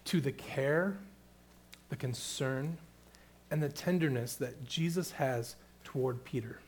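A middle-aged man preaching a sermon, moving between hushed, tender passages and loud, emphatic questions. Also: medium pitch, slow, slight background noise. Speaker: pastor.

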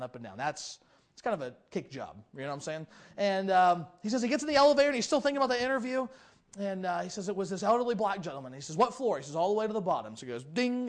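High-voiced fast-talking preacher. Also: male voice. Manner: animated, acts out quoted voices. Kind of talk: sermon storytelling.

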